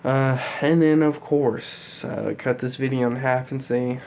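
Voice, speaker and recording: A man's voice: mid-range voice, fairly even intonation, unhurried, hardly any pauses, a little mellow, slight background noise. A man in his twenties talking in a casual vlog, rambling and swearing, with many fillers. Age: 20s. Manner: rambling, profane, full of fillers. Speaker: vlogger.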